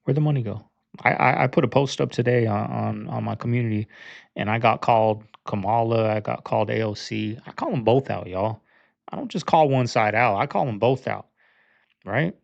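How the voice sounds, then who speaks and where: A man's voice: medium pitch, moderate pace, gravelly. A man hosting a reaction video, talking in a fired-up, rhetorical way and calling his viewers y'all. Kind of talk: casual commentary. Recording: dull lo-fi, dry close sound.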